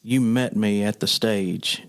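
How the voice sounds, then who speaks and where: A man who pastors the church hosts the conversation, gently nudging his guest along with short questions. His voice is fairly low and conversational. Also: steady tone, slow pace. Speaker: pastor and host. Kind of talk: conversational interview.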